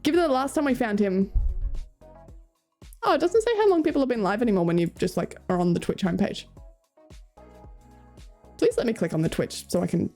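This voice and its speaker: A woman's voice: mid-range voice, expressive, brisk, long pauses, darkish tone. A young Australian woman streaming, chatting casually with her viewers and reading chat aloud, laughing often. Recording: faint music behind.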